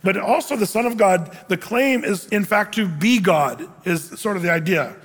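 In a church hall with long reverb, a pastor preaches from the stage in a high-pitched, slightly bright voice with lively intonation and a moderate pace. His sermon is conversational and joking, sprinkled with rhetorical questions.

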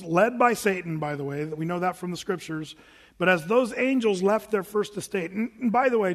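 In a large hall, a high-pitched male pastor delivers a Bible-teaching sermon. He keeps it conversational and plain-spoken, tossing casual asides to the congregation.

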